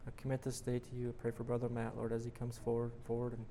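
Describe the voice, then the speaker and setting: A man's voice: medium pitch, completely flat delivery, fast, mellow, a little hiss or hum. A man preaching, reading a dramatic story aloud and then leading a prayer, emphatic on repeated questions. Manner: emphatic, rising on rhetorical questions.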